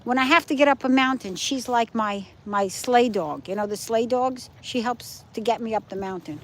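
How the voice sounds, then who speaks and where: A woman's voice: fairly high pitch, normal speed, a little hiss or hum, poor audio. A middle-aged woman chatting casually to livestream viewers on her phone while walking her dog by the ocean at night. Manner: chatty, points things out to viewers. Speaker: livestream host. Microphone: phone held while walking.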